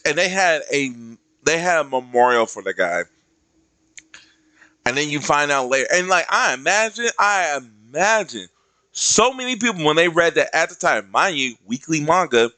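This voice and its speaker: A man streamer ranting casually, slangy and animated, dropping into other voices to act out quotes. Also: sits high, no room sound. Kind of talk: casual rant.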